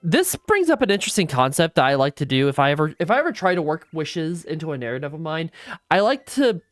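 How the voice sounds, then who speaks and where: A woman's voice: low-pitched, sing-song, quick pace, no room sound, studio quality. A woman giving casual, rambling let's play commentary, swearing freely as she goes. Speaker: gaming streamer.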